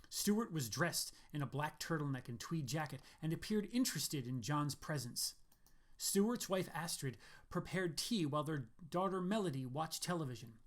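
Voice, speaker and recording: A man narrating his own short story in a steady, even reading. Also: on the high side. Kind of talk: scripted narration.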